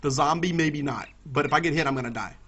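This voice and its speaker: A man with a Southern US accent, giving excitable let's-play commentary and talking both to himself and to his viewers. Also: fairly high pitch, quick pace, breathy edge, lo-fi sound. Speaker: gaming YouTuber.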